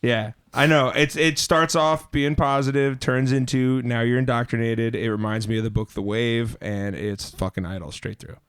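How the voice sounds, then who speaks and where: A man's voice: medium pitch, fairly even intonation, moderate pace, hardly any pauses, a bit bright, smooth, no echo. Laid-back swearing male co-host. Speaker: podcast co-host. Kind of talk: casual chat.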